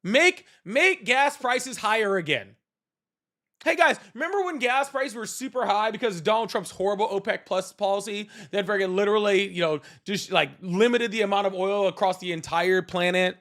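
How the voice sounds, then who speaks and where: Here a man speaks at normal speed in a high, slightly bright voice. As host of a live call-in debate stream, he delivers a casual rant full of mockery, sarcasm and free swearing.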